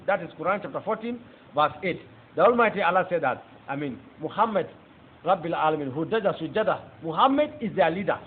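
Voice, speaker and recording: A man with a Nigerian accent giving a fervent testimony sermon, whose first language is Hausa. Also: sits high. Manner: fervent, emphatic storytelling. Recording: tinny phone-like recording with faint noise.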